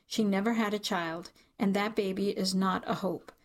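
A woman's voice: mid-range voice, steady tone, normal speed, close to an everyday voice. A woman reading an audiobook, voicing a stern aristocratic father who gives cold, contemptuous commands.

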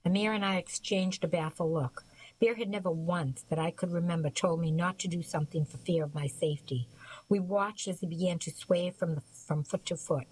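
A woman narrating an audiobook in a measured, even storytelling manner. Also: lowish voice, husky, rough recording. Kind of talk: scripted narration.

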